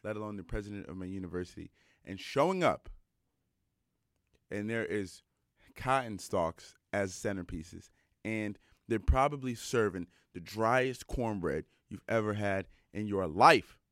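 Brief: young man, low voice, dry close sound, emphatic, loose casual storytelling. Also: a little slow, no room sound. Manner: animated and emphatic, with many fillers.

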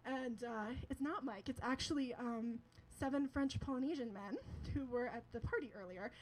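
A woman's voice: fairly high pitch, normal speed, a little hiss or hum, rough recording. A young woman telling a personal story to an audience, chatty and laughing often, with lots of filler words.

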